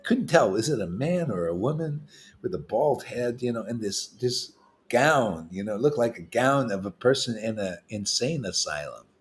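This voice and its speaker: A man giving an informal, animated spiritual talk to a group, streetwise in tone and swinging between loud bursts and hushed asides. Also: medium pitch, normal speed. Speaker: spiritual teacher leading a devotee meetup. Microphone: livestream mic.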